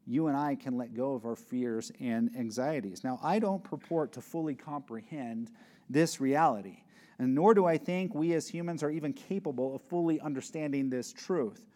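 A middle-aged man preaching a sermon to his congregation, earnest and emphatic, slowing down to stress key words. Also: mid-range voice, warm tone. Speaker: pastor.

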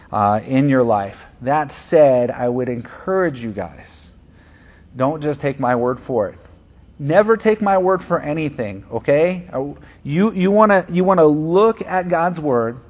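A man preaching to his church, earnest and conversational, with fillers and repeated words. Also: mid-range voice. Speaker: pastor. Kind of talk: sermon.

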